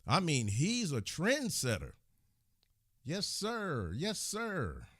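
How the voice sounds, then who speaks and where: Hosting his own channel, an agitated man delivers a heated, indignant rant to the camera, scolding his viewers as he goes. His voice runs on the high side with huge pitch swings, a slow pace and a fairly bright tone. The studio recording is clean, with no echo.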